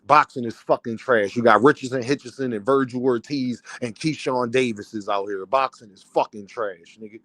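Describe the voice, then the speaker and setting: A man's voice: mid-range voice, moderate pace, hardly any pauses, a bit bright, no room sound. A man, a boxing content creator, ranting on a livestream, angry, profane and heated. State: worked up and fuming. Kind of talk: livestream rant.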